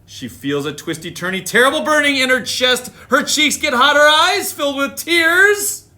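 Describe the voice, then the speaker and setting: A man reading picture books aloud on a live stream, with animated, chatty asides. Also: very high voice, normal speed. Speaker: storytime reader.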